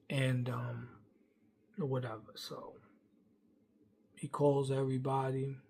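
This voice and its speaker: A man, venting a rambling workplace story to camera, swinging from loud outbursts to muttering. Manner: heated, rambling, acts out quotes loudly then drops low.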